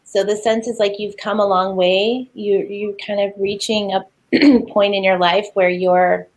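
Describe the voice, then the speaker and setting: A woman on a spiritual group video call, relaying a channeled message earnestly with halting fillers. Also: mid-range voice, flat delivery, low-quality recording. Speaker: channeling participant.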